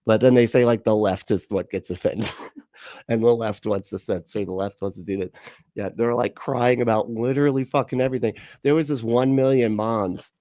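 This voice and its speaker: A man's voice: lowish voice, steady tone, a little fast, warm tone, no room sound, clean studio sound. A man hosting a casual livestream, reading out chat comments with sarcastic, profane remarks and frequent laughter. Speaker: livestream host.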